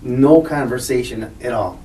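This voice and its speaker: A man in his sixties under police interrogation, answering in a hesitant, halting, defensive way. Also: mid-range voice, dark tone. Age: 60s. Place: interrogation room. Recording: echoey room picked up from far off, faint noise.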